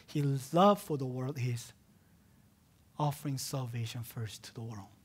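A man preaching a sermon as pastor, repeating key words for emphasis and swinging between loud emphatic cries and hushed near-whispers. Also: mid-range voice, measured pace, husky.

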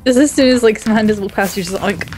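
A woman's voice: mid-range voice, quick pace, music in the background. A woman playing along in a casual gaming chat, playful and teasing. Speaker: fellow player.

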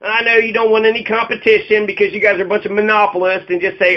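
Profane ranting man, high voice. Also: little pitch movement, fast, highs cut off. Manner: heated, profane, sarcastic mocking asides. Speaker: political commentator. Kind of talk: ranting video monologue.

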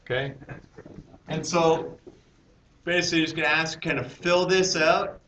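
A male math teacher lecturing in a classroom, working through each step and asking the students questions as he goes. He sits a little high for a man, and the mic is set back from him, so the room rings around his voice with a light hiss underneath. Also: steady tone, normal speed, echoey room, recorded from a distance.

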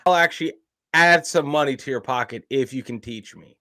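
A man's voice: medium pitch, a little fast, bright, forceful tone, no echo, clean studio sound. An American man co-hosting a reaction video, talking casually with emphatic opinions. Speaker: reaction channel co-host.

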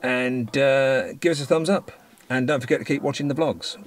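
A man's voice: medium pitch, normal speed. A man co-hosting a travel vlog, chatting casually to camera in a rambling, jokey way with plenty of ums. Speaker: vlogger, channel co-host.

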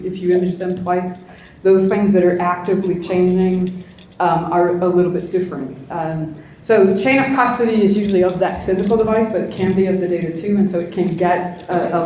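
A woman's voice: fairly low pitch, dark tone, very echoey, a little hiss or hum, low-quality recording. A middle-aged woman giving a conference talk in a conference room, speaking conversationally and often tagging her points with "right?". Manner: conversational, with frequent tag questions.

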